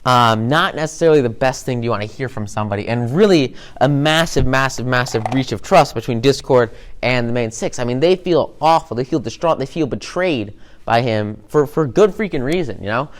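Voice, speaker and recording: Brief: male presenter, smooth clear voice, mid pitch, loose excited recap with lots of fillers. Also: a little fast. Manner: excited, filler-heavy retelling with many "like"s and "um"s. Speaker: presenter recapping a cartoon episode. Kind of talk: casual rambling recap.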